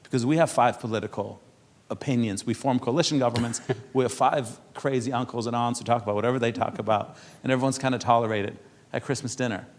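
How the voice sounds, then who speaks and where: A man from Europe speaking on a symposium panel. He tells stories in a lively way, acts out the people he quotes and turns earnest and persuasive. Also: mid-range voice, fast talker, few pauses. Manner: animated storyteller who acts out quoted exchanges. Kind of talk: storytelling talk at a symposium panel.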